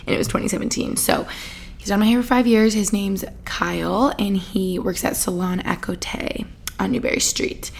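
Bubbly chatty young woman with vocal fry. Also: mid-range voice, normal speed. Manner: bubbly, chatty, rambling with frequent "like" and laughs. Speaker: podcast host. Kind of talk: casual chat.

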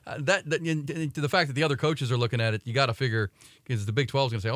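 A man's voice: medium pitch, very fast, fairly bright tone, dry recording. Blunt man leading sports chat, dry studio sound. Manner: conversational, leads the topics, blunt asides. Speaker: co-host. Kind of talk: casual sports talk. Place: radio studio.

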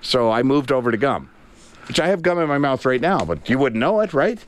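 A man's voice: medium pitch, sing-song, brisk. Rambling man in his fifties. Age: 50s. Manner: rambling storyteller, self-deprecating asides. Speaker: radio show host. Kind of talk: casual on-air chat. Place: radio studio. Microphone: studio mic with headset.

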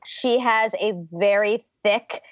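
A young woman from Georgia, USA, appears as a podcast guest, slowly and reflectively telling her childhood story in a chatty interview, laughing often. Her medium-pitched voice has fairly even intonation, and the recording is dry, dull, and lo-fi.

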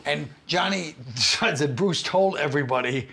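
Animated storytelling man, bright voice. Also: a little high, moderate pace, creaky. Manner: animated storyteller who acts out the people in his stories. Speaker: comedian guest. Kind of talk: casual chat, storytelling.

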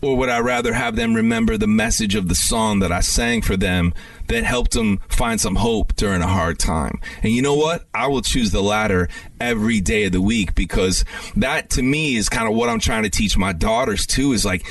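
A man's voice: lowish voice, very animated, normal speed, creaky, fairly bright tone, distant mic. A man who is a guest singer-songwriter, telling stories earnestly and reflectively in a casual interview.

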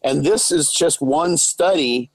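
A man speaking as a guest in a casual discussion, measured and a little hesitant, restarting his words. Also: fairly high pitch, rough recording. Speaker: guest, coach.

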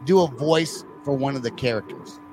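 A man's voice: medium pitch, normal speed, music in the background, rough recording. A middle-aged man hosting a podcast, telling profane stories in a loose, laughing chat. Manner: profane, laughing, animated storyteller. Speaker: podcast host. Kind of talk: casual chat.

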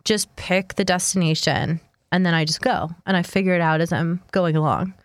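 A woman's voice: fairly low pitch, moderate pace, no room sound, clean studio sound. Chatty American woman podcaster. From United States. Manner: animated storyteller, lots of "like" fillers. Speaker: podcast co-host. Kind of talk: casual chat, storytelling.

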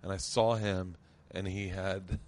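A man hosting a podcast in loose, casual chat, animated and quick to laugh and swear. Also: low-pitched. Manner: animated, laughing, swearing, jumps to side stories. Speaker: podcast host.

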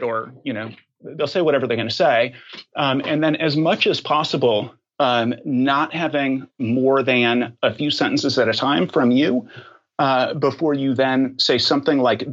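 A man answering questions as a podcast guest, talking thoughtfully and pausing often with ums and restarts. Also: mid-range voice, a bit bright, muffled recording. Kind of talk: conversational interview answers.

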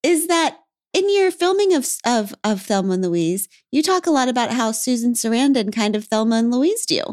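High-pitched woman host, enthusiastic and chatty, keen on her questions. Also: lively intonation, moderate pace, a little mellow. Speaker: podcast host. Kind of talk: casual interview chat.

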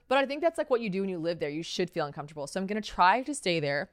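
A woman's voice: on the low side, very animated, racing, no room sound, studio quality. A young woman hosting a podcast solo, chatty and profane, telling stories with lots of fillers and sounding worn out. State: tired. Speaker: podcast host.

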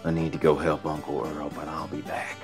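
A man voicing a gruff but tender middle-aged man who speaks low and rough. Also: unhurried, music in the background.

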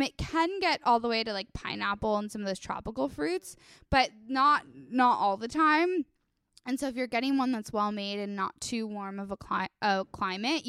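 Casting: young woman, wine expert guest, bubbly, smooth clear voice a bit high, dry close sound. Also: fairly bright tone, no echo. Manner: bubbly, laughs often, many ums. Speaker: winemaker guest. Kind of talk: casual podcast chat.

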